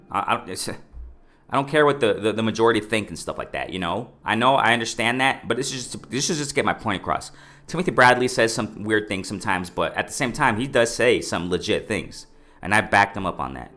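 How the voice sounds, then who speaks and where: A man with a fairly low but very lively voice delivers casual, opinionated boxing commentary. He talks with bright force, repeats his points, and keeps addressing his viewers directly. Faint music plays under him. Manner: emphatic, repetitive, addresses viewers as ladies and gentlemen; lively pitch swings, mimics others in raised voice.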